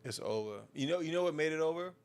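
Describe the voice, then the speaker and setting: A man's voice: on the high side, expressive, fast talker, clean tone. A man co-hosting a casual sports podcast, joking and profane, acting out little bits. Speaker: podcast co-host.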